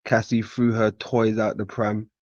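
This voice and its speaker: A man's voice: lowish voice, flat delivery, measured pace, darkish tone, no room sound, muffled recording. A man hosting, commenting in a joking, sarcastic way. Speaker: host. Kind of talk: casual commentary.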